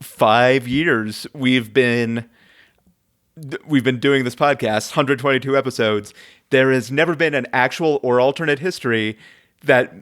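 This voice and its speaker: A man's voice: medium pitch, a bit bright. Hesitant male podcast host. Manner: hesitant, many ums, chuckles often. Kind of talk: casual chat.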